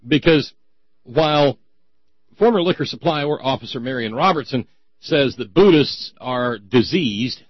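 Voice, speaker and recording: A man's voice: medium pitch, expressive, measured pace, pauses often, husky, no echo. Man, sarcastic comedy monologue, mocking, restarts, dull lo-fi recording. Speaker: host.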